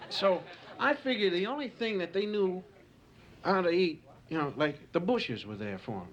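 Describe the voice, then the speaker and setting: A man's voice: fairly high pitch, big pitch swings, moderate pace, muffled recording, crowd noise. A man telling stand-up stories in a loose, rambling way full of asides, recorded on a hissy home tape. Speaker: stand-up comedian. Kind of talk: stand-up storytelling.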